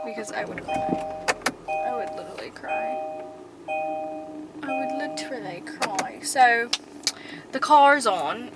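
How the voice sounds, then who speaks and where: Parked in her car at night, a young woman vlogs to her viewers, bubbly and chatty as she rambles casually, sometimes dropping to a whisper. Her voice is fairly high, and the background is noisy.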